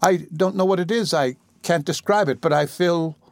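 Scared gentle young lady, shaky and higher, as a man puts her on, dry. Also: normal speed, no echo, natural voice. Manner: faltering, breathy with fear.

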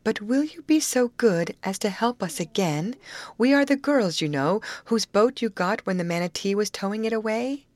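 A woman's voice: medium pitch, expressive, unhurried, dry recording, voice pushed up, lightly acted. A woman voicing an eager young woman who speaks politely and coaxingly to a timid stranger.

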